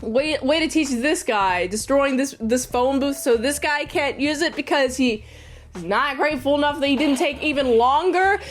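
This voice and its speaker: A woman's voice: high-pitched, normal speed. A woman reviewer casually recapping a movie, rambling with sarcastic asides.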